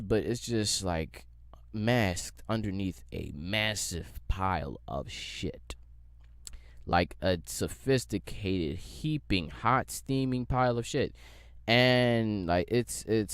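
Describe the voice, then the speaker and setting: A young man hosting a solo podcast, delivering a heated, profane, animated rant. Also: on the low side, dry recording, studio quality. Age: young adult. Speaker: podcast host. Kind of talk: solo ranting monologue.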